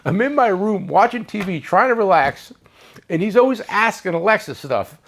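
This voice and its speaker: A New man rambles and jokes about himself while hosting a tool shop chat. His voice sits high and swings widely in pitch. The recording carries clear shop noise. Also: lively intonation, moderate pace. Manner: rambling, joking, self-mocking. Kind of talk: casual chat.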